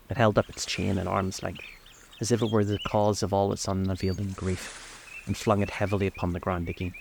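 Guy with a really deep voice reading a story aloud, steady and measured, faint birds outside. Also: vocal fry, a little hiss or hum. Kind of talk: audiobook narration.

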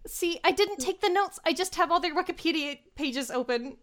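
A woman chats casually as a podcast co-host, chiming in with asides. She giggles often. Her voice sits high. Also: normal speed, fairly bright tone. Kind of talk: casual chat.

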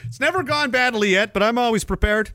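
A man's voice: extremely high pitch, brisk, bright, forceful tone, no echo, clean studio sound. A man from Canada hosting a casual, profane livestream, joking crudely, laughing often and reading out chat messages.

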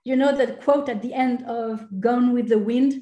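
French accent lady coach, chatty and animated, kinda echoey room. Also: a little high, normal speed. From Corsica, France. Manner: animated, laughs often, acts out quotes. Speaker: fitness coach, guest. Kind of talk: casual interview chat.

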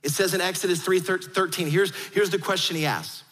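Animated high-voiced male pastor preaching. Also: a little fast, big-room sound. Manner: animated, acts out quoted voices. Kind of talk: sermon.

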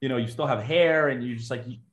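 A man's voice: medium pitch, fast. A man from Georgia, a former Marine, telling his story as an interview guest, full of "like" and acted-out quotes. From Georgia, USA. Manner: chatty, acts out quotes, frequent "like" and "uh" fillers.

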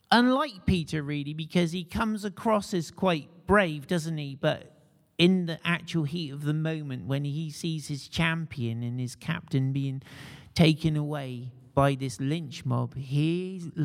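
Slow, gravelly male preacher in a reverberant hall. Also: fairly high pitch. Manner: conversational preaching with rhetorical questions to the congregation. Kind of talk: sermon.

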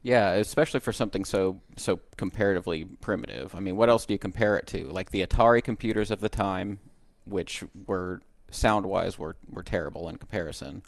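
A man with a fairly low voice hosts a casual podcast. He walks through technical details with eager enthusiasm. The sound is dry and close. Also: brisk, gravelly, no room sound. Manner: enthusiastic, explains tech step by step. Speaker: podcast host. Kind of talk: casual podcast chat and demo.

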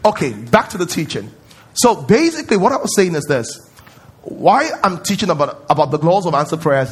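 Guy pastor preaching, kinda high and husky voice, repeats stuff, asks the crowd "what?". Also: sing-song, moderate pace. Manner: emphatic, repeats phrases, quizzes the congregation. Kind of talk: sermon. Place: church service.

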